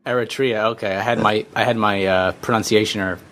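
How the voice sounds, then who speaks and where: A man's voice: on the low side, steady tone, fast talker, fairly bright tone. A man hosting a podcast, asking easygoing, curious questions and correcting himself as he goes. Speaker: podcast host. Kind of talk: casual interview chat.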